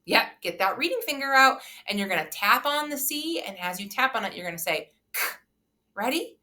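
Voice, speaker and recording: A woman's voice: on the high side, animated, fairly quick, sharp tone. A young woman teaching a phonics lesson to small children, upbeat and encouraging, stretching words out in a sing-song way.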